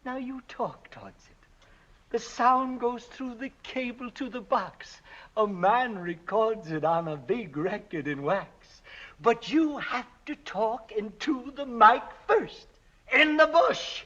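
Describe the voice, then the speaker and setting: An actor playing an impatient film director who explains things slowly and in exasperation, in an old Hollywood film clip. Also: male voice, extremely high pitch, sharp tone, highs cut off, exaggerated voice. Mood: exasperated. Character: impatient male film director, middle-aged.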